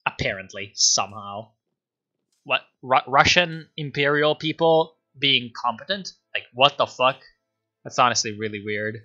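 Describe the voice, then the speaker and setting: Brief: a swearing, rambling male streamer with a very bright voice, recorded on dull lo-fi stream audio. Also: mid-range voice, measured pace. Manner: rambling, profane, animated. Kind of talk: casual livestream history commentary.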